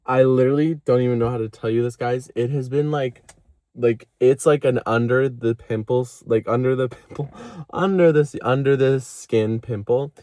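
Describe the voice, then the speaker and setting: A man's voice: mid-range voice, warm tone, no room sound. A young man talking candidly to camera about self-worth and therapy, rambling with many fillers and quoting himself with laughs. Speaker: vlogger. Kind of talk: candid confessional vlog.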